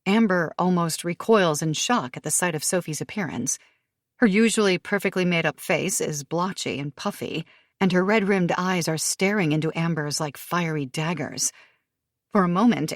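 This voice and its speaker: A woman narrating a thriller audiobook in a steady, measured way, recorded close to the mic. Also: fairly low pitch, no room sound.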